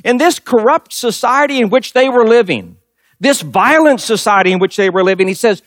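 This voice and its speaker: Animated preacher man, high lively voice. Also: moderate pace, no echo, clean studio sound. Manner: storytelling, emphatic repetition. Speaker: pastor. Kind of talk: sermon.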